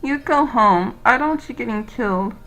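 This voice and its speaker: A woman's voice: a little high, lively intonation, normal speed, fairly bright tone, soft background music, rough recording. A woman voicing a loyal, earnest young male friend who speaks sincerely.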